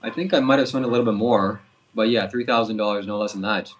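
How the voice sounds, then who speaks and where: A man who hosts spiritual retreats, speaking calmly and earnestly with hesitant fillers. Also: lowish voice, quick pace. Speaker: spiritual streamer and retreat host. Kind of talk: casual chat.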